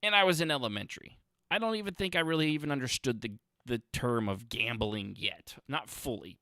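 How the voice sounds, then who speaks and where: A man's voice: medium pitch, brisk, sharp tone, dry recording, studio quality. A man hosting a casual gaming podcast, rambling and sarcastic, often breaking off mid-sentence. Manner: rambling, sarcastic, self-interrupting. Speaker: podcast host.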